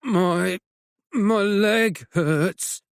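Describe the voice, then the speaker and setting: A man's voice: high voice, lively intonation, extremely slow, dry recording, clean studio sound, voice pushed up, full character voice. A man voicing an injured man in shock, answering feebly through chattering teeth. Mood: weak. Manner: weak, shivering, feeble.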